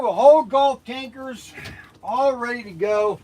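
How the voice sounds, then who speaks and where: This older man speaks in a high register and rambles along with easy jokes. He interrupts himself often and keeps a loose, chatty flow as the host. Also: a little slow, darkish tone, a little hiss or hum. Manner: rambling, joking, self-interrupting. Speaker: host of a toy shop channel. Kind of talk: casual chat on camera.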